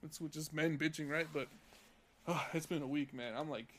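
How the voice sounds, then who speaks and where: A man's voice: on the high side, fairly even intonation, moderate pace, fairly bright tone, slight background noise. A young man from California on a casual podcast, telling a profane, heated story about work. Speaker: podcast co-host.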